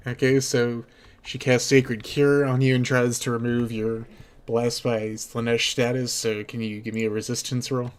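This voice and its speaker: A man's voice: medium pitch, little pitch movement, moderate pace. A man narrating as game master of a tabletop game, often restarting his phrases as he voices the characters.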